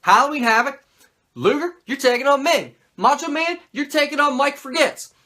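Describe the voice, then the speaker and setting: A man putting on a brash, cocky male wrestler, talking loud, high and pushy. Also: lively intonation, moderate pace, exaggerated voice.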